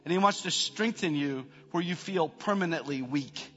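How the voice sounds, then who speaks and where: A man's voice: a little high, normal speed. Man preaching a sermon in a reverberant hall. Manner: preaching with rising emphasis, then soft prayer. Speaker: pastor. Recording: long reverb, dull band, faint music.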